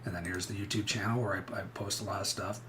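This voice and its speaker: A man's voice: fairly low pitch, steady tone, fast talker, sharp tone, a little hiss or hum. A middle-aged man hosting a live trading stream, talking bluntly and energetically with frequent restarts.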